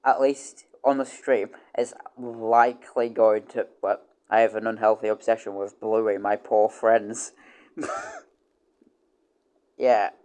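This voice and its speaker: A man livestreaming in a casual rambling chat. He swears freely and keeps stopping and restarting his sentences. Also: slow pace. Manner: rambling, full of restarts and repeated words; animated, with loud excited jumps in pitch.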